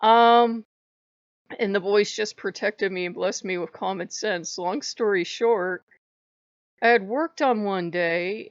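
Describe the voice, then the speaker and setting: A woman's voice: medium pitch, no echo, highs cut off. A woman host chatting casually in a vlog, talking in loose digressions and laughing often. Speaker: channel host. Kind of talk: casual rambling vlog chat.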